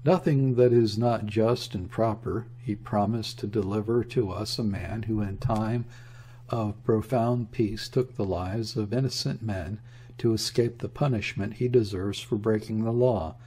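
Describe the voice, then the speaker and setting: A man's voice: fairly low pitch, a little slow, mellow, slightly rough. A man voicing a polite young naval lieutenant who speaks formally and soothingly. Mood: courteous.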